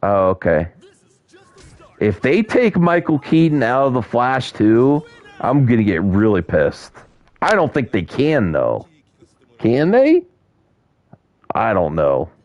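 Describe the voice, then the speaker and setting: A man's voice: on the low side, sing-song, measured pace, a little mellow, no echo, highs cut off. Rambling man streaming with a headset. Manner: rambling, restarts, talks to chat viewers. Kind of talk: casual live-stream chat while gaming.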